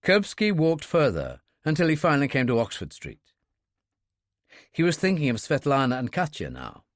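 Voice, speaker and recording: A man narrates a scripted thriller audiobook in a steady, measured storytelling manner. His voice is mid-range, recorded with studio quality and no room sound.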